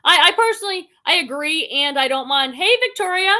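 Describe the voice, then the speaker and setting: A woman's voice: very high voice, lively intonation, brisk, sharp tone. A woman hosting a casual live stream, reading viewer comments aloud and chatting about them. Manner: chatty, reads comments aloud then reacts.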